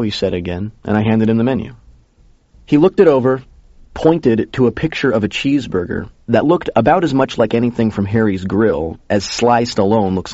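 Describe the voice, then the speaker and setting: A man's voice: mid-range voice, darkish tone, no room sound. A man narrating a first-person story in a casual, conversational way. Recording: dull lo-fi recording.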